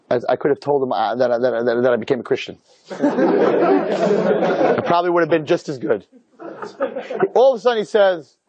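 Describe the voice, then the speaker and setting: A rabbi telling a personal story to an audience, with animated and emphatic delivery. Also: male voice, medium pitch, a little slow, pauses often, dry recording. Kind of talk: storytelling talk.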